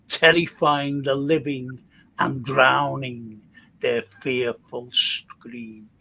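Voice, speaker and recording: An older man reading aloud a spooky poem he wrote, in a slow, deliberate and dramatic way. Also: a little high, fairly bright tone. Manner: slow, deliberate dramatic reading with a swearing, fumbling chat between. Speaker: amateur poet on a live stream. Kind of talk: reading his own poems aloud. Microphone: computer mic on a live stream.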